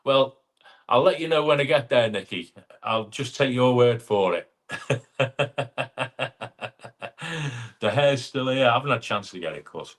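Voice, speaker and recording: A man's voice: mid-range voice, measured pace, pauses often, a bit bright. A middle-aged man, hosting a casual live chat and greeting viewers by name as he reads their comments. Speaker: live stream host.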